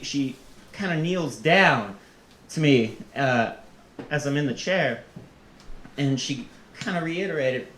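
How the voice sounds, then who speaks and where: A man's voice: mid-range voice, a bit bright, reverberant, slight background noise. A man telling a comic personal story on stage, self-mocking and often breaking into laughter.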